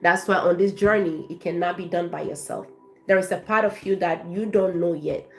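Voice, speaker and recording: A woman's voice: lowish voice, moderate pace, soft background music. A woman from Africa, a life coach, chatting effusively on a live stream and thanking her viewers by name.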